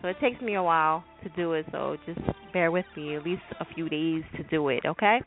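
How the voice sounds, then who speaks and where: Blunt, chatty radio host woman, gravelly. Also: a little fast. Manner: acts out voices in high squeaky tones. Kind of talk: casual call-in radio talk. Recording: tinny phone-line sound with music behind.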